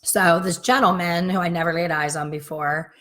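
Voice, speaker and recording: A middle-aged woman with a slightly raspy voice tells a long, rambling story straight to her viewers. She talks casually and acts out the lines of the people in her story. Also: fairly low pitch, fairly even intonation, normal speed, fairly bright tone. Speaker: hair colorist and business coach. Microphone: facing camera, talking straight to viewers.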